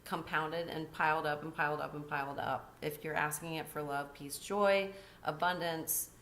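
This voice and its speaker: A woman's voice: sits low, fairly even intonation, normal speed, fairly bright tone, a little hiss or hum. A woman life coach telling a personal story in a candid, chatty way, often breaking into laughs.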